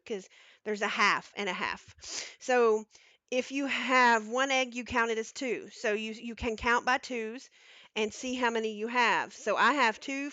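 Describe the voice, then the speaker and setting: A woman's voice: a little high, pushed and bright, dry recording, highs cut off. A woman hosting a home cooking stream, chatting and telling stories in a rambling way, often checking in with "okay?". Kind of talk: casual storytelling chat. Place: home kitchen.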